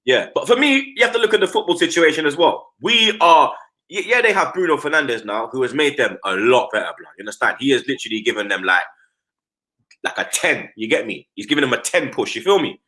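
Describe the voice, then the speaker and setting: A man's voice: medium pitch, lively intonation, brisk, bright, forceful tone. A man, a football fan pundit chatting casually on a live stream. He talks in heavy slang and keeps tagging his lines with "blood" and "you get me".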